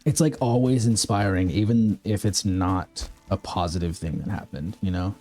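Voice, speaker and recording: A man's voice: deep voice, moderate pace, warm tone, soft background music. A man from the American Midwest streaming a game, chatting casually and rambling while answering his chat. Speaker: live streamer.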